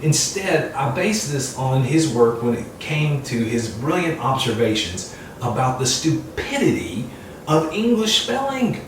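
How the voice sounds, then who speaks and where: A man's voice: medium pitch, big pitch swings, unhurried, noisy background. A man doing a playful, mock-confused comedy routine, chatting with an imagined audience. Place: room at home. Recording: distant mic in an echoey room with faint ambience.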